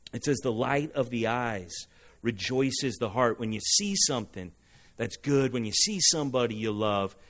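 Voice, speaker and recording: A man from Southern California, preaching a sermon, animated and asking the congregation for responses. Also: on the high side. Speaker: pastor.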